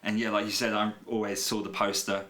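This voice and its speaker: A man's voice: fairly low pitch, flat delivery, fairly quick, pushed and bright. A man co-hosting a podcast, talking in an easygoing, joking manner. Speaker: podcast co-host. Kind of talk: casual chat.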